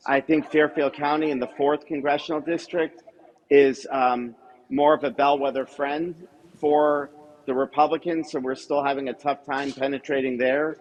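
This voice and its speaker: A man calling in to give election results, measured and hedging with plenty of fillers. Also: on the high side, level tone, poor audio. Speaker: party official calling in results. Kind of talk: live call-in update.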